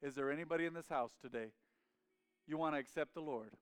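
Male pastor with a smooth, resonant, slightly high voice, recorded close and dry; fervent call-and-response preaching to a congregation. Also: fast talker, no room sound. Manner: emphatic call-and-response preaching, leading the congregation in repeating phrases. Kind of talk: sermon. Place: church sanctuary.

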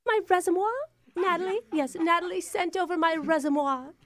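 A woman's voice: mid-range voice, fairly even intonation, a little fast, a bit bright, voice pushed down, lightly acted. A woman playing a pompous fake-posh job applicant in a prank call, hopping between mock British, Australian and Irish accents. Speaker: radio prank caller.

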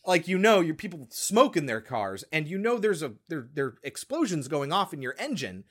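A man's voice: fairly high pitch, normal speed, husky. A man casually recapping a horror film on a podcast, swearing and acting out scenes. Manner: animated storyteller, swears, slips into voices. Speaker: podcast co-host.

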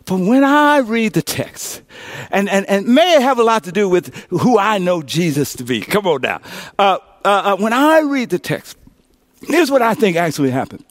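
50s pastor guy preaching, shouts and calls out to the crowd, lively swings, dry mic. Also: high voice, normal speed, dry recording. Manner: preaching with rising shouts and call-and-response. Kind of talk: sermon.

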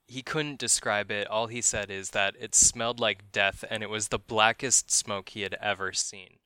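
Male podcast host, true-crime storyteller; low-ish, bright, smooth voice; casual, wry and profane. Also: steady tone, moderate pace, dry recording. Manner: profane, wry, laughs at grim details.

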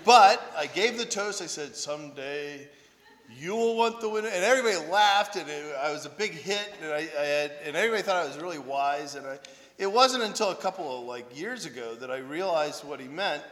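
A man's voice: a little high, lively intonation, a little fast, fairly bright tone, in a large hall. A man who is a priest and monk, telling humorous self-deprecating stories in a conversational sermon, often checking in with "right?". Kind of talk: anecdotal sermon talk.

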